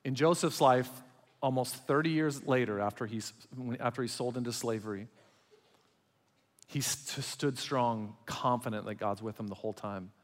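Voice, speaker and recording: A man preaching a sermon as pastor, swinging between loud emphatic passages and quiet, intimate ones. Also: medium pitch, normal speed. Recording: long hall reverb.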